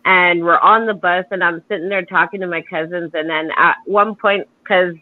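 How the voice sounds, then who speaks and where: A woman's voice: fairly low pitch, fairly even intonation, moderate pace. A woman tells a rambling story with many fillers. She comes through a thin, tinny phone-like line. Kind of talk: casual chat.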